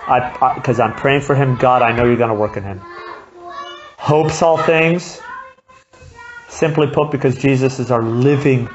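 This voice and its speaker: A woman's voice: very deep voice, measured pace, long pauses, lo-fi sound, slight background noise. A woman preaching a sermon at a church gathering, talking in a conversational way and acting out the voices she quotes.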